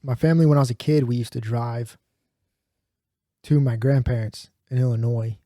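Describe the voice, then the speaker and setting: A man's voice: medium pitch, steady tone, normal speed, mellow, dry recording, clean studio sound. A man from Saint Louis co-hosting a podcast, asking questions and teasing in casual chat. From Saint Louis, Missouri. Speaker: podcast co-host.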